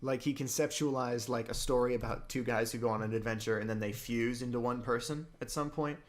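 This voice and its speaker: Excitable man chatting on a podcast. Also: fairly quick. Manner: excited, with sudden upward jumps in pitch. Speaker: podcast co-host. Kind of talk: casual chat about a comic.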